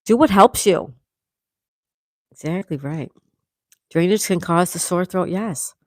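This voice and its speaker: Here a woman with a voice on the low side and a darkish tone chats with her livestream audience one morning, sore throat and all. She speaks slowly but animatedly, reading out comments and laughing a lot. The studio-quality recording is dry.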